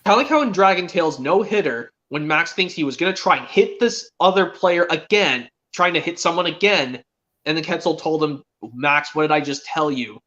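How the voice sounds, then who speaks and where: A man's voice: on the high side, lively intonation, a little fast, fairly bright tone, dull audio. A teenage boy streaming a casual chat, rambling with many restarts as he retells cartoon scenes. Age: teens. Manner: rambling, restarts often, quotes characters.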